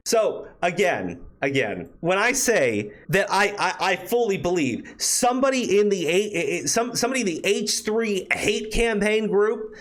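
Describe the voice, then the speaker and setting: Animated incredulous male commentator. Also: high voice, unhurried, hardly any pauses. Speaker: commentary host. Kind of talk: online commentary.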